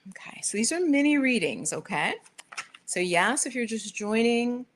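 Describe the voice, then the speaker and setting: A woman's voice: a little high, sing-song, normal speed, a little hiss or hum. A middle-aged woman hosting a casual livestream from her sofa, chatty and rambling as she gives tarot readings to viewers. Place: living room sofa by big windows.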